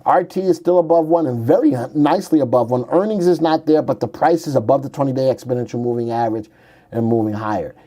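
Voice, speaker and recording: Mid-range, mellow and fast, a man hosts a market show and breezes through the charts. He swaps jokes with his co-host, full of wisecracks and playful put-on voices.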